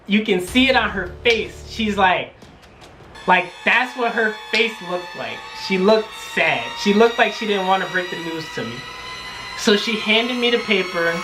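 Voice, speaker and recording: A man vlogger telling a story, acting out his own quotes with animated delivery. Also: high-pitched. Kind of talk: storytime vlog.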